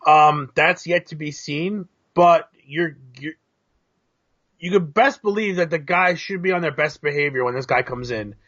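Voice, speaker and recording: A man co-hosting a casual soccer talk show, explaining tactics in a measured, analytical way. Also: a little high, fairly bright tone, dull audio. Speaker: co-host. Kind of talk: casual chat.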